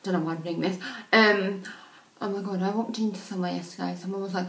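A woman's voice: medium pitch, steady tone, fast talker, gravelly. A young woman, rambling casually to camera as a beauty vlogger, full of "like" fillers, at home in her bedroom.

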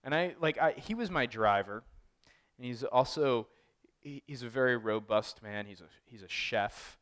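Smooth-voiced man telling wry stories. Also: mid-range voice, moderate pace. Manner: animated, profane, wry storytelling with many fillers. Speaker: photographer giving an artist talk. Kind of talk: casual storytelling talk to an audience. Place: art gallery talk.

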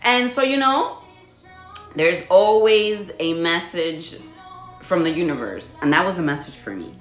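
Woman vlogger, casual spiritual storytelling, lively delivery, echoey room with faint music behind. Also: a little slow. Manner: animated storytelling, laughs often, acts out her own reactions in a high voice. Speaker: body contouring business owner. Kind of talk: casual spiritual vlog talk.

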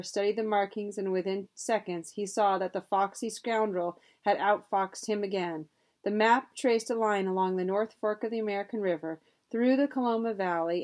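A woman reads a children's adventure novel aloud as narrator. Her delivery is steady and expressive, at a middling pitch. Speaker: audiobook narrator. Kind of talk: storybook narration.

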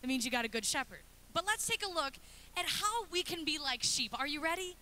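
A high, bright woman's voice delivers a playful, chatty sermon in a church, breaking into little acted scenes as she goes. She sounds like she's in her thirties, and a faint hiss sits under the recording. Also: animated, a little fast. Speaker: pastor's wife preaching. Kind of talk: lively sermon. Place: church sanctuary.

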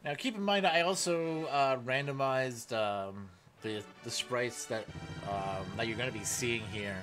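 A man commenting on a game as he plays, excitable, reading dialogue aloud and laughing often. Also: mid-range voice, unhurried. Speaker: gaming let's player. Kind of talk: let's play commentary. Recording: faint game music behind.

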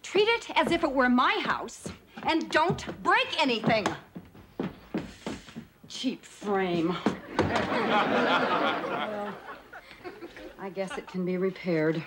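A woman's voice: mid-range voice, expressive, very slow, pauses often. A woman playing an exasperated, scolding mother in a 1980s sitcom. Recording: hissy old TV tape with studio laughter.

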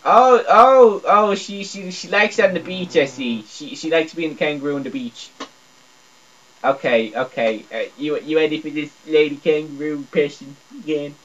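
A gameplay video creator speaks at a moderate pace in a fairly bright tone, stammering through comedic commentary with repeated words and dopey broken grammar. He alternates between a low mumble and a high squeal, and the audio is dull and lo-fi.

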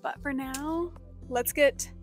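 A young woman from Texas chats in a bubbly, gushing way, exclaiming often. Her voice sits high. Music plays clearly underneath her. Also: slow. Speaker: thrift vlogger. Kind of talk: excited casual vlog chat and voice-over. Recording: music playing behind the voice.

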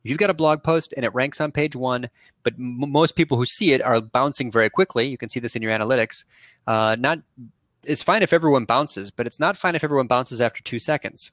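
A man guest explaining things confidently and briskly in a video chat interview. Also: medium pitch, a bit bright, no room sound. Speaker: guest expert. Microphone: video call.

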